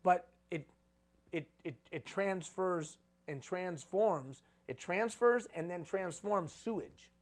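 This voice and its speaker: A man's voice: sits high, slow pace. A man giving a live conference talk on leadership, preaching with repeated phrases for emphasis.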